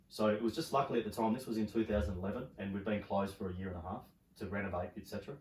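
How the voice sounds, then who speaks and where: A middle-aged Australian man, a podcast guest, telling stories in animated, casual chat and swearing freely. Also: lowish voice, very fast, few pauses, slight background noise. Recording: roomy, from a distance.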